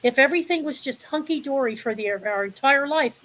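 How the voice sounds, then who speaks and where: A woman's voice: high-pitched, expressive, a little fast, fairly bright tone, a little hiss or hum. Blunt, passionate woman in her sixties. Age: 60s. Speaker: panel guest. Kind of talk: candid live show discussion.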